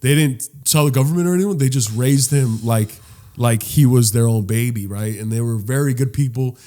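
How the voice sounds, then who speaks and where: A young man co-hosting a casual podcast, talking animatedly and restarting his sentences as he gets worked up. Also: moderate pace. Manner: animated, rising pitch when worked up, trailing restarts. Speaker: podcast co-host.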